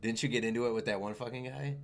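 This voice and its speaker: A man's voice: medium pitch, steady tone, fast, gravelly, a little hiss or hum. A young man, a stand-up comedian, chatting casually and swearing freely. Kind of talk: casual chat.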